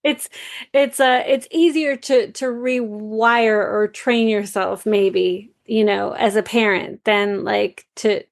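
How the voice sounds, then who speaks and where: A woman's voice: medium pitch, steady tone, takes it slowly, vocal fry. A woman hosting a podcast interview, hesitant and searching for her words as she asks questions. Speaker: podcast host. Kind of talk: conversational interview.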